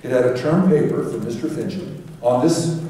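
A man's voice: medium pitch, normal speed, far from the mic, slight background noise. Older man telling stories in an echoey hall. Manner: animated, acts out quoted voices. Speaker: guest lecturer. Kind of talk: storytelling lecture. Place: large lecture hall.

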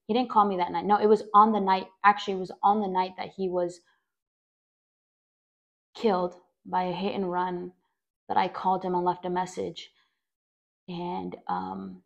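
Gravelly low-voiced young woman. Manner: rambling, with many fillers like "like" and "or whatever". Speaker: podcast host. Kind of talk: personal storytelling monologue.

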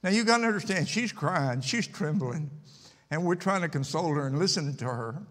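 High-voiced older preacher in a reverberant church. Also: male voice, animated, brisk, a bit bright. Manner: folksy storytelling, emphatic repetition. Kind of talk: sermon. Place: church sanctuary.

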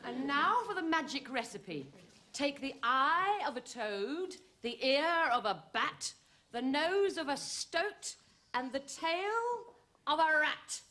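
A woman's voice: sits high, animated, slow, sharp tone. A woman performing a broad pantomime sketch on an old television game show, with a theatrical, sing-song delivery. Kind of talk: broad pantomime comedy acting.

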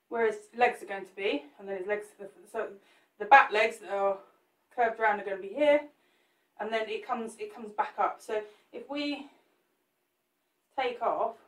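A woman's voice: mid-range voice, normal speed, pauses often, far from the mic. Woman, live teaching demo, friendly joking manner, set back from the mic. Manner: chatty, jokey, talks to viewers while working. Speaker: cake artist teaching a live sculpt. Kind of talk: chatty live demonstration. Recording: roomy echo, off the mic.

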